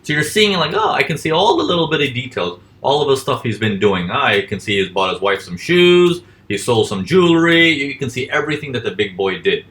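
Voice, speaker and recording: A man's voice: medium pitch, big pitch swings, a bit bright. A man teaching forex trading in a casual lesson, asking questions and answering them himself. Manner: acts out panicking traders in quick voices. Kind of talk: casual live teaching over charts.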